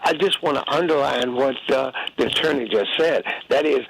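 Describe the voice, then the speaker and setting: A man with a doctorate speaking as a radio guest, going through his points one by one with some halting. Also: mid-range voice, creaky, a bit bright, slight background noise, low-quality recording. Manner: listing points in order, halting. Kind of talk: brief comment on talk radio.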